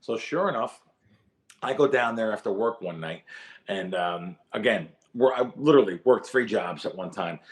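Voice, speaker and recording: A middle-aged man telling his story as a guest in a podcast interview, animated and repeating words as he gets going. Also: fairly low pitch, normal speed. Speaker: guest, sports bettor.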